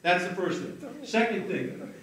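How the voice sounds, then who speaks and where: Stage hypnotist, male, higher voice, soothing patter, taped far from the stage in a reverberant venue. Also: lively intonation, a bit bright. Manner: slow soothing suggestions, then apologetic banter. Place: live venue with audience. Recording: echoey room, taped from afar.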